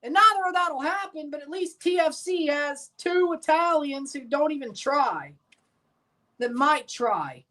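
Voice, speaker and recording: A woman streaming a sports watchalong, ranting with profanity and sarcasm and bursting into shouts. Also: high voice, animated, measured pace. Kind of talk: live sports reaction rant.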